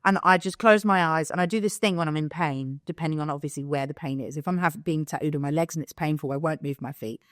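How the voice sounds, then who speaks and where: Woman, young adult, lowish voice, lively storytelling, dry close sound. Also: fast talker, few pauses, no echo. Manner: animated, swears, acts out quotes. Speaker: podcast co-host. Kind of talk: casual storytelling chat.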